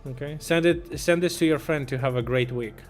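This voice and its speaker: A man's voice: mid-range voice, a little fast, faint music behind. A man streaming live news commentary, reading headlines aloud in an irreverent way, swearing and laughing at his own jokes.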